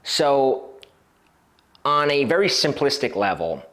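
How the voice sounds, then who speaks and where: A male dating coach talks straight to the camera in a loose, conversational way. His voice sits at an ordinary mid pitch, and he keeps his stories lively by acting out quoted lines. Fillers and small restarts keep it relaxed and unscripted. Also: takes it slowly. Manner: casual with frequent fillers and restarts. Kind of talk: instructional video talk to camera.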